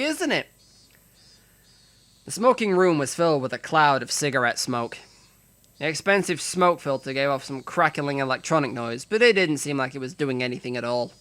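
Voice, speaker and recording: A man reads a visual novel's text aloud for his stream, giving the lines a dramatic delivery. His voice sits a little high and sounds bright and forceful. He keeps breaking off for joking, profane asides. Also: smooth.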